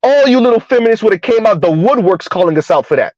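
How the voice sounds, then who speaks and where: A man giving a heated, emphatic commentary rant on his vlog, repeating his points loudly. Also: sits high, lively intonation, fast talker, no room sound, highs cut off. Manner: loud, emphatic, repeats points, laughs at times. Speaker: commentary vlogger.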